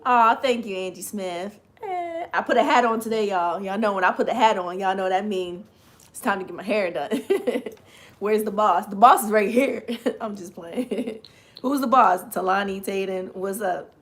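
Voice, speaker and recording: Woman doing a casual livestream, voice a lil raspy, chatty, shouts out viewers by name, lilt. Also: mid-range voice, moderate pace. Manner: chatty, greets viewers by name, laughs often. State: slightly raspy, strained voice. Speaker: livestream host.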